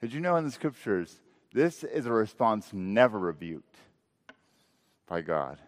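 A male pastor preaching a sermon, asking rhetorical questions and letting his voice swell and then drop low. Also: very animated, measured pace, long reverb tail.

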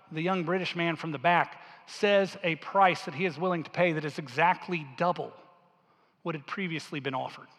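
Earnest preacher man in a reverberant church. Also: high-pitched. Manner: earnest, storytelling with quiet quoted lines. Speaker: pastor. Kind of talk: sermon storytelling. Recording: long hall reverb.

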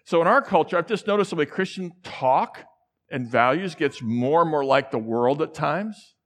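A middle-aged man from the central United States preaches to a large church. His voice sits a little high, and he tells stories in a casual, conversational way. He acts out the voices of the people he quotes. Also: animated, normal speed, a bit bright. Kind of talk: sermon with personal stories.

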